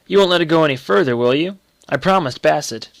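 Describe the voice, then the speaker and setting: A man voicing an earnest, secretive young boy who speaks gravely and pleads with his uncle. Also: a little high, lively intonation, fast talker, no room sound, voice pushed up.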